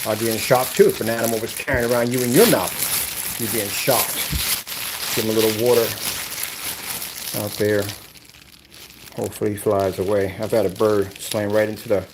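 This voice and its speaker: A man talking casually to his viewers from his home, rambling and animated. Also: on the low side, a little fast, pauses often, noisy background. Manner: talkative, talks softly to a rescued bird. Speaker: vlogger. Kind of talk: casual vlog talk to camera. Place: at home, indoors.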